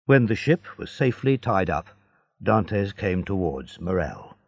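A man narrating a story in a slow, deliberate reading. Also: fairly low pitch, sing-song, darkish tone, slightly rough, no room sound.

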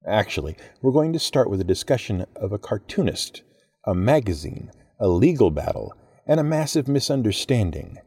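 A man hosting a podcast, reading a script with expressive, playful storytelling. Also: on the low side, normal speed, slightly rough, dry recording. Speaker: podcast host.

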